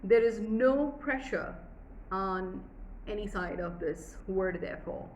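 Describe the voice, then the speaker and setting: A woman's voice: mid-range voice, slow, slight background noise, poor audio. A woman teaching a pronunciation workshop, drawing out example words and asking the listener questions. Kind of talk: workshop lesson.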